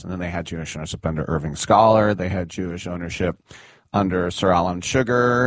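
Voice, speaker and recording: A man's voice: fairly low pitch, no room sound. A man hosting a sports radio talk show, telling rambling stories in a chatty way and laughing at them.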